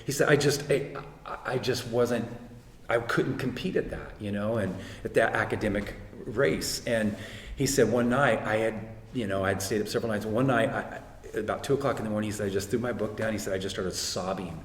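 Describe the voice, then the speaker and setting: A middle-aged guest speaker with a lowish voice talks briskly, earnestly retelling a faith story packed with quoted speech in casual conversation. The recording carries roomy hall reverb, faint ambience and slight background noise.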